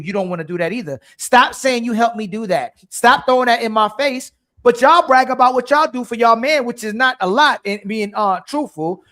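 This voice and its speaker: High-voiced man preaching in a podcast debate. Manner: preachy, animated, repeats himself. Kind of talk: heated casual podcast debate.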